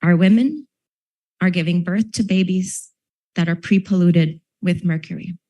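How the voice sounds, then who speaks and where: A woman's voice: on the low side, flat delivery, moderate pace, warm tone, highs cut off. A woman from Minnesota speaking earnestly on a panel at a university event, a little choked up. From Minnesota, United States. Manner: earnest, emotional, slightly choked up. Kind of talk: public panel talk.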